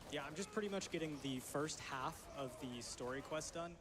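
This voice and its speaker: A man giving relaxed, casual commentary on his part of a speedrun. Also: on the high side, moderate pace.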